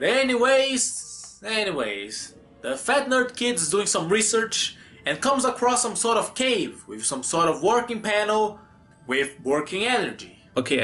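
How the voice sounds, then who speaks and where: A movie reviewer talking through a film with sarcastic commentary. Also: mid-range voice. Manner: sarcastic, animated.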